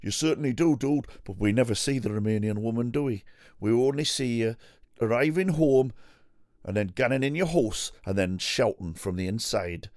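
A man doing a comic impression of an excitable male TV cook, squeaky, sarcastic and full of swearing. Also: moderate pace, no echo, studio quality, natural voice. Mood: chirpy.

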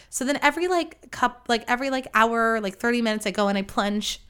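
A woman's voice: fairly high pitch, expressive, a little fast, a bit bright, clean tone. A woman hosting a podcast, telling a story in a rambling, profane, self-deprecating casual chat. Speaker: podcast host.

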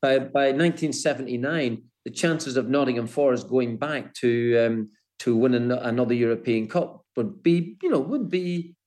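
An older man speaks as an interview guest at an even middle pitch. He tells his stories haltingly, repeating words and restarting his sentences. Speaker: former footballer, guest. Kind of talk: interview, storytelling.

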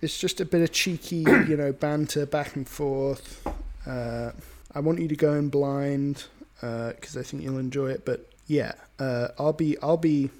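A man's voice: fairly high pitch, steady tone, measured pace, a little mellow. A British man hosting a casual podcast chat, recapping a movie in a rambling, filler-heavy way. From Britain. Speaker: podcast host.

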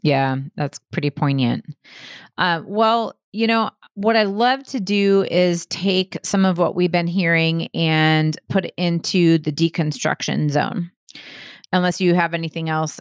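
Low-voiced woman hosting a podcast. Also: gravelly, no room sound, studio quality. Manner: attentive, steady affirming murmurs. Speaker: podcast host. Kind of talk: interviewing a guest.

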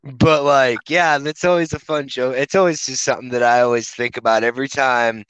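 A man's voice: mid-range voice, steady tone, a little fast, a bit bright, smooth, dry recording, low-quality recording. A man chatting on a podcast, telling rambling stories full of swearing and restarts. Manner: rambling, profane storytelling. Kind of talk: casual podcast chat.

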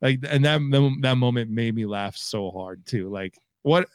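A man's voice: medium pitch, measured pace, dry recording, clean studio sound. A man co-hosting a casual film podcast from home, talking with easygoing enthusiasm and agreeing with his co-host. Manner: enthusiastic, agreeable, laughs along. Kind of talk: casual movie-discussion chat. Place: home, recording remotely.

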